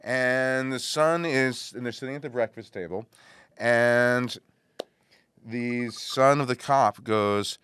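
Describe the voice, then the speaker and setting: A man telling a joke in casual conversation, halting and restarting as he goes. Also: mid-range voice, fairly bright tone, slight background noise. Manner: halting storyteller, restarts and fillers.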